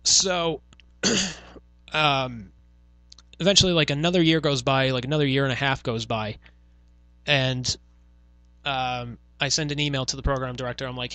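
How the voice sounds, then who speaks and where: A man's voice: medium pitch, fairly quick, pushed and bright, dry recording. Profane young man telling a story. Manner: profane, rambling, many fillers. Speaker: podcast host. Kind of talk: casual storytelling chat.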